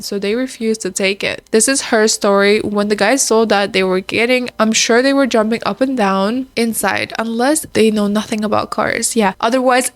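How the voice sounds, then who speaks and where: A woman's voice: on the high side, no room sound. A woman hosting a reaction video, reading stories aloud and commenting in a chatty, emphatic way to her viewers. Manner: chatty and emphatic, quick laughs, talking to viewers.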